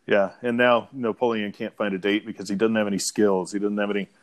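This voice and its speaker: With a lowish voice and a slightly fast pace, this middle-aged podcast co-host talks about a movie in a relaxed, storytelling way. He quotes lines from the film as he chats casually.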